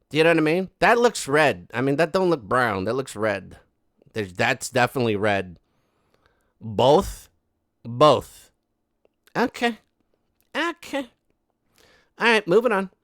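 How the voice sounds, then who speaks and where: A man's voice: on the high side, a bit bright, no room sound, studio quality. A man giving casual gossip commentary, rambling and sarcastic with many fillers and asides. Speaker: commentary host.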